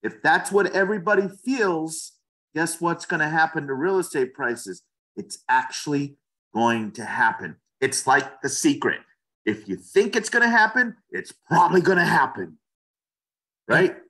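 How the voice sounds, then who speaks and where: A man's voice: on the high side, animated, measured pace, sharp tone. A man working as a real estate agent, talking passionately and with strong opinions in a casual interview, often repeating words as he goes.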